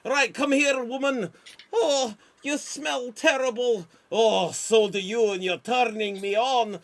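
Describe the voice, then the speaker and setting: A man's voice: very high voice, expressive, measured pace, pitched above the performer's own voice, heavily acted. A man putting on a bellowing Scottish warrior chief. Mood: bawdy bluster. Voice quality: loud, bellowing mock-Scottish bluster. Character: boastful crude male Scottish warrior chief. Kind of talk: improv comedy scene.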